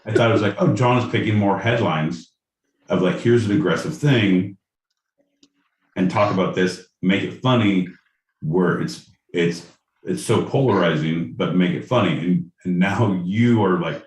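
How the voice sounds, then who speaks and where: This podcast co-host has a low voice and speaks a little slowly, riffing through casual banter and mock stand-up bits while swearing freely. He's off-mic and far away in an echoey room with faint noise.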